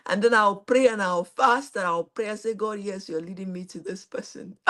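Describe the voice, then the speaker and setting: A middle-aged woman with a Nigerian accent, telling a personal story to a live audience, her voice swinging from high exclamations to quiet low asides. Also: moderate pace. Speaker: host.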